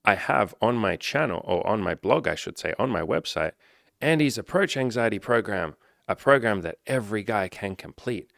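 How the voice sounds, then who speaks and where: Gravelly, blunt male dating coach. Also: lowish voice, normal speed, no echo, clean studio sound. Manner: blunt, animated, swears casually; reads viewer comments aloud and answers them. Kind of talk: casual talking-head advice video.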